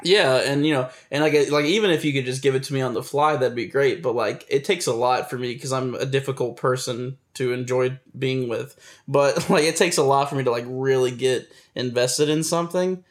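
A man's voice: medium pitch, fairly quick. A man chatting casually and at length, self-mocking and laughing as he talks. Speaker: game master and podcast co-host. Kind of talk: casual chat.

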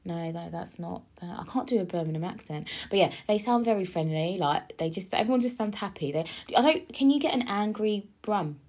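A woman's voice: mid-range voice, animated, fairly quick, few pauses, darkish tone. A woman telling a story to her viewers in a chatty, rambling way, full of asides and filler words. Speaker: vlogger.

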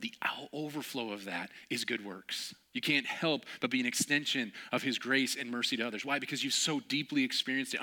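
A man's voice: medium pitch, pushed and bright. A man preaching a sermon in a conversational way, telling personal stories and acting out the voices of the people in them. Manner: conversational, acts out friends' voices in stories, laughs often. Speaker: pastor.

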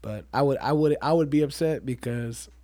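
A young man co-hosting a casual podcast, blunt and excitable, often laughing as he talks. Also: mid-range voice, normal speed, no echo. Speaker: podcast co-host. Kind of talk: casual chat.

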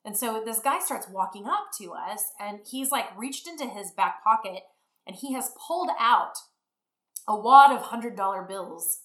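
A woman's voice: medium pitch, a little slow, roomy sound. A middle-aged woman telling a rambling story in a casual way and acting out what people said. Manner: rambling, animated, acts out quotes. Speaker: fitness business founder.

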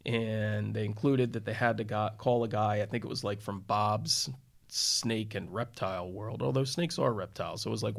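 In a casual storytelling chat on the podcast he co-hosts, a middle-aged criminal defense attorney shares a courtroom story with a wry, self-deprecating edge. He speaks in a lowish, creaky voice.

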